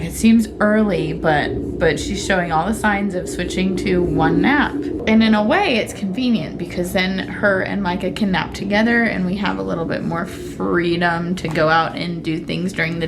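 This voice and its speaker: A woman's voice: lowish voice, normal speed, few pauses, over music. Chatty young mother vlogging. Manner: chatty, with many fillers and restarts. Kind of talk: casual family vlog chat.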